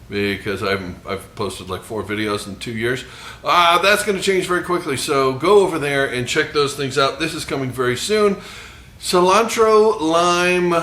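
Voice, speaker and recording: Chatty and quick to make fun of himself, a cooking show host runs a casual demonstration at an outdoor grill and in a home kitchen. His voice is medium in pitch with a sharp tone, and the room sounds echoey.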